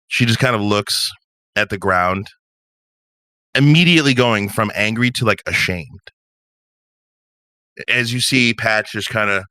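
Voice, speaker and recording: A man's voice: on the low side, unhurried, pauses often, bright, forceful tone, no echo. A man narrating a tabletop role-playing game as game master, in a casual, conversational way.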